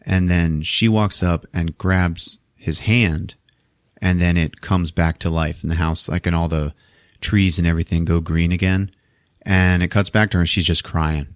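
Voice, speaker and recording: A man's voice: sits low, fairly even intonation, moderate pace, no echo, clean studio sound. A man casually recapping a movie on a podcast, swearing a lot and acting out the characters' lines in put-on voices. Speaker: podcast host recapping a film.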